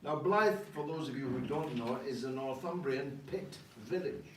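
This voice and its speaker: Emphatic man speaking in an echoey room. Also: mid-range voice. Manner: emphatic, rhetorical, frequent "uh" pauses. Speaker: party leader answering questions. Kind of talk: political talk to an audience. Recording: echoey room, distant mic, faint noise.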